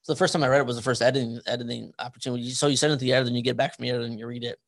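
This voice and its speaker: Gravelly man chatting casually. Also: medium pitch, steady tone, very fast, dry recording. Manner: rambling, repeats words, swears casually. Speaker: podcast host and author. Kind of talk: casual interview chat.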